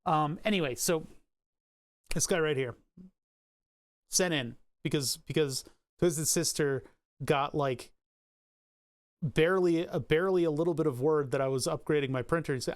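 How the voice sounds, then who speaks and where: A man's voice: fairly high pitch, moderate pace, long pauses, no room sound. A man streaming live, rambling about electronics in casual, profane chat with frequent restarts and hiccups. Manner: rambling, profane, self-interrupting.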